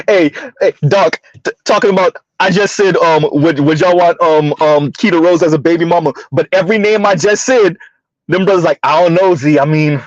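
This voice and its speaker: A man's voice: high voice, moderate pace, dry recording. A man hosting a casual livestream, chatting with viewers, laughing often and stumbling over repeated words. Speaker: livestream host. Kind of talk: casual livestream commentary reading chat. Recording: dull lo-fi dry sound.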